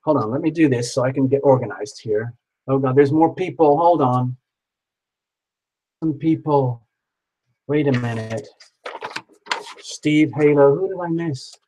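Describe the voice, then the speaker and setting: A man hosting a live tarot reading stream, talking in a chatty, excitable way and joking with his viewers. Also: medium pitch, unhurried, long pauses, poor audio. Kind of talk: casual live-stream chat.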